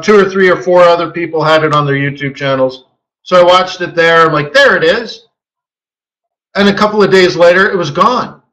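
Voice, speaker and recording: A man hosting a live trading webinar, telling a story in a casual, animated way and acting out quotes with a chuckle. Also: sits high, low-quality recording. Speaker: forex market strategist hosting a live webinar.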